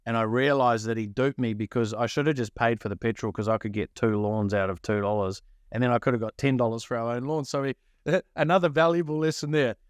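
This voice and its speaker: A middle-aged man from New Zealand hosting a podcast, telling a childhood story in a casual, animated way and acting out the people he quotes. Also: lowish voice, fast talker, hardly any pauses, smooth, dry recording, clean studio sound. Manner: animated, acts out quoted voices. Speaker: podcast co-host.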